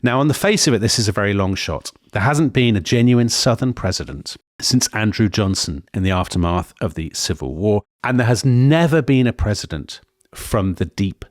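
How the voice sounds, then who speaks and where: A man co-hosting a history podcast, telling the story in a lively, digressive way with frequent self-corrections. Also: on the low side, moderate pace, dry recording, clean studio sound. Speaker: podcast co-host.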